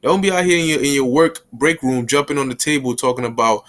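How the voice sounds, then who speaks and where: A man gives a relaxed, conversational Bible lesson, weaving scripture into everyday street talk. He slips into quick mini-scenes with short bursts of other voices, and his own pitch sits right in the middle. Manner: casual street slang, acts out little scenes with quick voices. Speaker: bible teacher.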